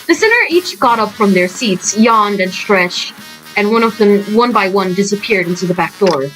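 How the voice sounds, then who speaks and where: A woman's voice: mid-range voice, expressive, moderate pace, fairly bright tone, soft background music, low-quality recording. A woman reading a game story aloud, breaking off into gushing, giggly fan reactions.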